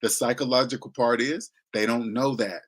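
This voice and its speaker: A man's voice: medium pitch, fairly even intonation, normal speed, a bit bright, slightly rough. A man giving a blunt, slangy money lecture in a casual monologue. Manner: blunt, lecturing, slangy, mocking voices he imitates. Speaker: finance commentator.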